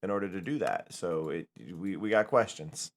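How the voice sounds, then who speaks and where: A man's voice: low-pitched, normal speed, a little hiss or hum. A young man chatting casually on a live stream while playing a game, rambling and laughing often.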